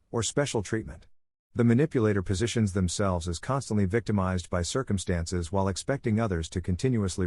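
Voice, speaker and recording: Male narrator, lowish voice, measured and instructive, close dry read for an explainer. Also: dry recording. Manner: even, measured, instructive delivery.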